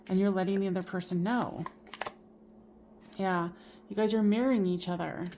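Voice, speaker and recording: A woman with a mid-pitched voice gives a casual, expressive tarot reading, swearing freely and chuckling at her own remarks. Faint background noise sits under her voice. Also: normal speed. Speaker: tarot reader.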